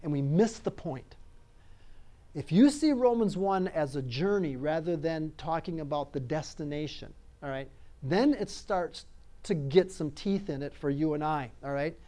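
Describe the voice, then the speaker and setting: A man's voice: fairly high pitch, a little slow, warm tone. A pastor preaching a conversational sermon, emphatic and repeating phrases as he asks his listeners "all right?".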